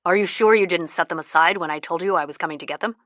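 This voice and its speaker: A woman's voice: fairly low pitch, fast talker, fairly bright tone, no echo, studio quality, natural voice. A woman voicing an impatient young man with a clipped, irritated manner in an audiobook.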